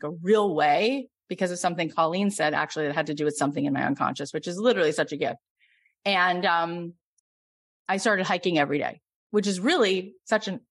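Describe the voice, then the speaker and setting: A middle-aged woman host coaching a caller, telling animated stories and then leading a soft guided meditation. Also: on the low side. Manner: animated, storytelling, swings between excited and soft.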